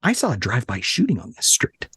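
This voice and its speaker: A man in his late thirties from Alabama, a guest telling animated, joking stories from his office with frequent restarts. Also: medium pitch, fast talker, husky, no room sound, studio quality. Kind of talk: casual interview chat.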